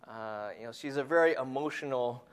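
A preacher with a medium-pitched voice speaks briskly in a sermon, telling a family story and dropping to a hushed whisper on key points.

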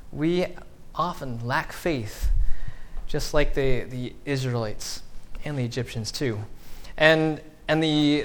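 A man in his thirties preaching a conversational sermon, acting out quotes with lively sarcasm. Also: on the high side. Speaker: pastor.

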